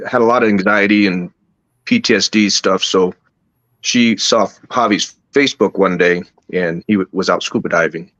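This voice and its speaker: A man telling a personal story at a slow, halting pace, with many restarts. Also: sits low, a bit bright, dry recording, highs cut off. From United States. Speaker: podcast guest. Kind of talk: casual storytelling.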